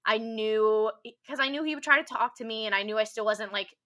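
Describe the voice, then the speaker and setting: Bright-voiced young woman, rambling softly. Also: fairly high pitch, brisk. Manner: rambling, heavy use of "like" filler. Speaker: podcast guest telling her story. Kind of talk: casual personal storytelling.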